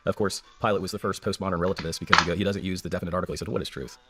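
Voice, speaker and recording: A man's voice: deep voice, flat delivery, rapid-fire, sharp tone, slightly rough, faint music behind. An American man, a scholar guest in an interview, explaining and telling stories with eager enthusiasm. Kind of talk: enthusiastic lecturing interview talk.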